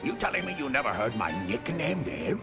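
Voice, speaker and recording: A swaggering Italian mobster. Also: male voice, medium pitch, sing-song, brisk, vocal fry, music in the background. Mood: boastful. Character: boastful male Italian mobster guard, middle-aged.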